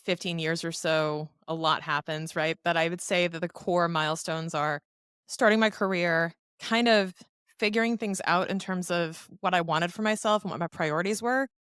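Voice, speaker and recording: A woman in her thirties, a finance professional guesting on a podcast, telling stories in a lively, chatty way. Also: fairly low pitch, normal speed, clean tone, no echo, studio quality. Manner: animated storyteller who acts out quoted voices. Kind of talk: casual interview talk.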